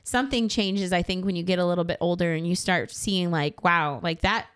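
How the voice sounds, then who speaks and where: A woman's voice: fairly low pitch, a little fast, smooth. A woman in her thirties hosting a casual podcast chat, talking loosely with many fillers and frequent laughs. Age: 30s. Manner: chatty, laughs often, lots of fillers. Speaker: podcast host.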